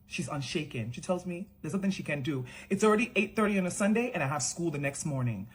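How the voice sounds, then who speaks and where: A young woman telling an animated storytime vlog, acting out the people she quotes. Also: low voice, quick pace, slightly rough. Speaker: beauty creator.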